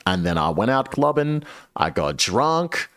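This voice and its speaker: A man streaming and telling a long story to his chat, casual and profane, with lively shifts into the voices of the people he quotes. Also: unhurried. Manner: animated, profane, swings pitch when quoting people.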